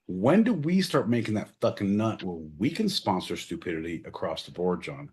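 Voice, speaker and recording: A man co-hosting a podcast, joking loudly, interrupting and swearing, with sudden jumps in pitch. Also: lively intonation, normal speed, husky. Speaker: podcast co-host. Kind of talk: rowdy comedic banter.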